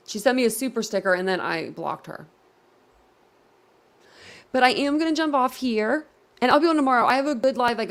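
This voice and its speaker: A woman's voice: a little high, vocal fry. A woman hosting a casual livestream and chatting to her viewers in a giggly, easily flustered way. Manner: giggly and easily flustered, talks straight to the chat. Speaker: livestream host.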